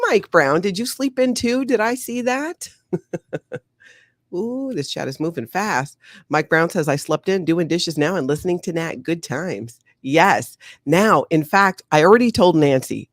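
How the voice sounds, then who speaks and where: A woman hosting a casual livestream, chatty and animated, laughing often. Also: deep voice, no echo, studio quality. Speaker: livestream host.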